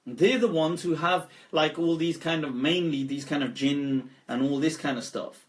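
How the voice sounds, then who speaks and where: A man, an Islamic scholar, giving an animated live-stream talk and telling stories with frequent laughs. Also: on the high side, moderate pace. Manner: animated storyteller, laughs often.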